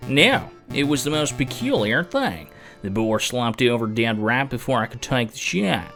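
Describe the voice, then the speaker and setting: A man voicing a blunt male hunting beagle in a video game, telling his story slowly. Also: medium pitch, sing-song, a bit bright, faint music behind. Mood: storytelling. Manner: slow, drawn-out storytelling. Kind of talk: video game voice-over reading.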